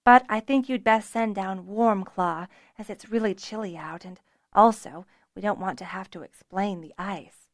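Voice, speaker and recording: A woman's voice: mid-range voice, normal speed, dry recording, studio quality, close to an everyday voice. A woman voicing a plucky, frank young noblewoman dragonrider with a good-humored manner.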